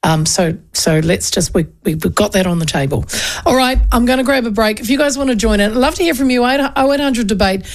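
A woman's voice: a little high, brisk. A woman hosting a radio talk show, chatting casually and laughing often.

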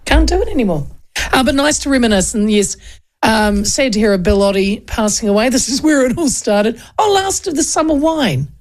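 A woman's voice: fairly high pitch, expressive, brisk. A middle-aged woman from New Zealand hosting a casual radio chat, reading listener texts and laughing as she goes. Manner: chatty, laughs often, trails off mid-sentence. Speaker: radio host.

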